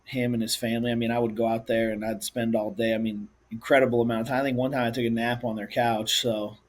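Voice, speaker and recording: A college coach tells recruiting stories in a relaxed way. His pitch stays mid-range and barely moves, for a flat delivery. It is a documentary interview. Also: fast. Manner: relaxed, anecdotal.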